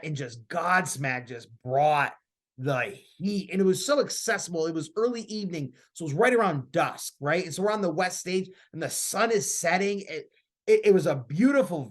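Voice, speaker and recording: Animated storytelling man, high voice. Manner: animated storyteller, laughs as he talks. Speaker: podcast host. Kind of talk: casual chat.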